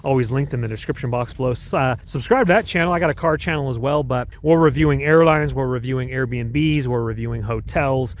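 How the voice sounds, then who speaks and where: A man's voice: mid-range voice, a little fast, few pauses. An American man talking casually as a travel vlogger, rambling and correcting himself with upbeat slang while skiing outdoors. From United States. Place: outdoors on a ski slope.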